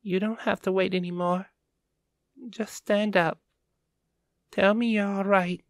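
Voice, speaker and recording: A man's voice: flat delivery, normal speed, gravelly, dry recording, clean studio sound. A man doing a tearful young woman fighter. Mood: tearful pleading. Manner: high, sniffling and pleading.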